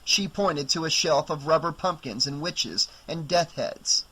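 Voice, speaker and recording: A man reading a horror novel aloud as audiobook narrator, in a steady, even reading voice. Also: on the high side, measured pace, slightly rough, low-quality recording. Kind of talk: scripted narration.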